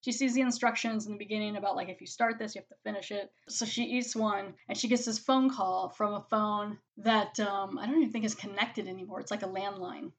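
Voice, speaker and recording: A woman giving a casual spoken movie review, chatting with lots of "like" and acting out characters' lines in quick quotes. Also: mid-range voice, fairly even intonation.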